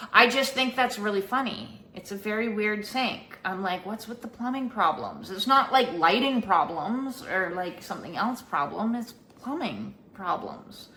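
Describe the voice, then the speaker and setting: A middle-aged woman vlogging about her spiritual life, talking in a halting, rambling way with many fillers. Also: mid-range voice, sharp tone, reverberant. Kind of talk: casual personal storytelling.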